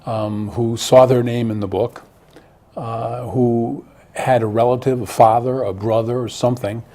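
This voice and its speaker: A man's voice: medium pitch, fairly even intonation, measured pace, warm tone. A man, an author, talking earnestly in an interview, often restarting and repeating words. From Connecticut. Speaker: author guest. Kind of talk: interview conversation.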